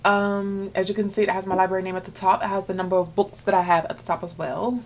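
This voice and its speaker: A woman in her thirties vlogging about books at home in a chatty, excitable way, full of filler words. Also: mid-range voice, fast. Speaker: book vlogger. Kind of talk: casual chat.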